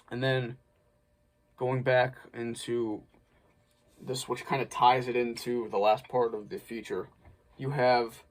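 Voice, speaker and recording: A man's voice: mid-range voice, a little hiss or hum. A man casually breaking down a snare drum part as an instructor, thinking aloud with small restarts. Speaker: drumline instructor.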